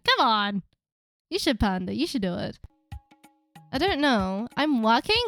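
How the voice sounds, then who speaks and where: High-pitched lady streamer reading game text aloud, gets startled a lot, voice jumps all over. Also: measured pace, long pauses, dry recording, faint music behind. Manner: excitable, easily startled, frequent exclamations.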